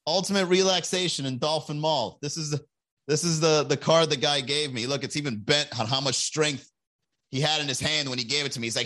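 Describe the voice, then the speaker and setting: A young man hosting a casual podcast livestream, rambling and joking, and slipping into quick put-on voices. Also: on the high side, pushed and bright. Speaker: podcast host.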